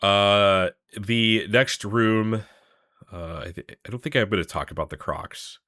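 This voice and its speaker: A man with a low voice and a bright, forceful edge talks through a game module in loose casual chat. He rambles, restarts sentences and laughs easily. The sound is dry and close. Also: unhurried, no room sound. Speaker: podcast host. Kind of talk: casual tabletop game discussion.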